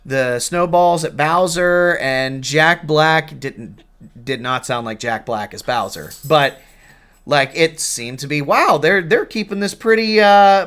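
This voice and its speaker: A man's voice: on the high side, a bit bright. Man, podcast host, rambling, joking, lots of um and like. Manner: rambling, joking, many fillers. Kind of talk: casual gaming podcast chat.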